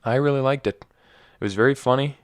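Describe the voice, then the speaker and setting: A man's voice: medium pitch, fairly quick. A young man hosting a casual solo podcast, rambling and joking, often stumbling and correcting himself. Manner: rambling, self-correcting, jokey. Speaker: podcast host.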